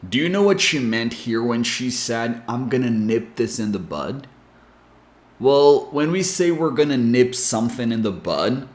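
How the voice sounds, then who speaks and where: Slow, deliberate male English teacher. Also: mid-range voice. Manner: clear, deliberate explanation with sounds spelled out. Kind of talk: scripted lesson explanation. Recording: echoey room.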